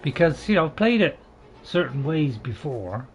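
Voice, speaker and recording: A man gives relaxed gameplay commentary. His voice sits a little high, and his delivery is chatty and full of hesitations and dry, self-mocking jokes. A faint hiss runs under the recording. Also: normal speed, highs cut off. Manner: hesitant, with many fillers and restarts. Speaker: gaming channel host.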